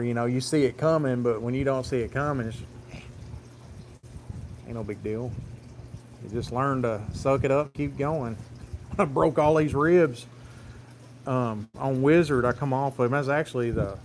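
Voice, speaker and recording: A man's voice: medium pitch, a little mellow, a little hiss or hum. A man, telling a rambling, plain-spoken farm story on a phone livestream. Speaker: farm vlogger. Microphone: phone camera.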